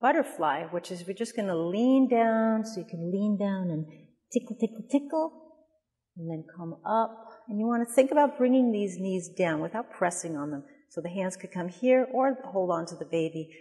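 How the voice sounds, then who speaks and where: Woman yoga instructor, soothing cues, mellow tone, echoey room. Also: medium pitch, lively intonation, normal speed, few pauses. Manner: gentle, soothing cues with baby talk. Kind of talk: guided yoga class instruction.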